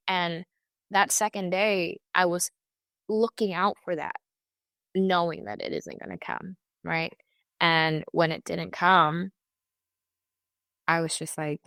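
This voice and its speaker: Low-voiced woman sharing a hard story. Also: steady tone, sharp tone, smooth, no room sound. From California. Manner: halting, emotional, many restarts and quoted asides. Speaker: interview guest. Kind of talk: candid personal account.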